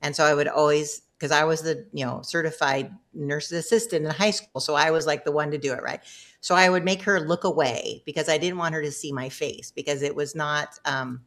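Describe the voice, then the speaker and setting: Middle-aged woman guest, low voice, warm-humored, chatty storyteller who laughs often. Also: fairly even intonation, fairly quick. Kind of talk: casual storytelling.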